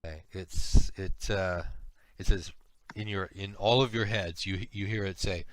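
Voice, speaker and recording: A man running a tabletop role-playing game as game master, hesitant and halting as he describes the scene. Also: low-pitched, fairly even intonation, no room sound. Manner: hesitant, many ums and repeated starts.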